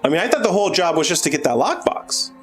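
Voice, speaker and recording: A man's voice: on the high side, very animated, quick pace, soft background music. A man playing a tabletop role-playing game, asking probing questions in character. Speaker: player.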